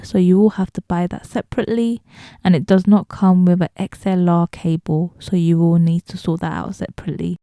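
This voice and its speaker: A woman talking straight to her viewers as she reviews a microphone, explaining each feature clearly, recorded close on a studio mic in a room at home. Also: mid-range voice, warm tone, dry recording. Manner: explanatory, addresses viewers directly. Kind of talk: casual product review. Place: indoor room. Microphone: close studio dynamic microphone.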